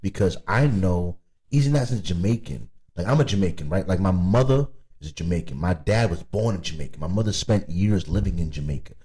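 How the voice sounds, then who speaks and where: A man's voice: low-pitched, animated, brisk, warm tone, breathy edge. A man from the United States, hosting a podcast in a tipsy, rambling casual chat that drifts into Jamaican patois. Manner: rambling, repeats words, slips into Jamaican patois. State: drunk. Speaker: podcast host.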